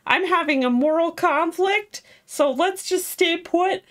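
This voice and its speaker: A woman's voice: very high voice, measured pace, voice pushed up. A woman voicing an earnest, conflicted young woman from a game, sweet in manner.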